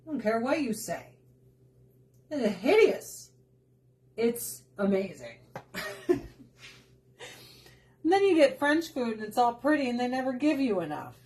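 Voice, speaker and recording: A woman's voice: on the high side, very animated, unhurried, pauses often, a little mellow. A young adult woman hosting a cooking vlog, chatting casually as she cooks, laughing often and slipping into playful voices. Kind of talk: casual chat while cooking.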